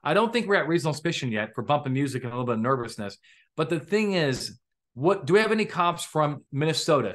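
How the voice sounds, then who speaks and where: A man hosts a live legal training for police over an online call. He lectures in a casual, chatty way at a middling pitch. He keeps throwing questions back at his listeners. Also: expressive, fast, a bit bright. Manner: conversational, quizzes the audience with questions.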